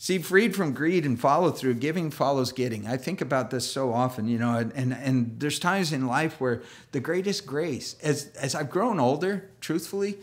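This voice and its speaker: A male pastor gives a sermon in an animated, chatty storytelling way and acts out quoted voices. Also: medium pitch, normal speed, hardly any pauses. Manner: chatty, full of fillers and restarts.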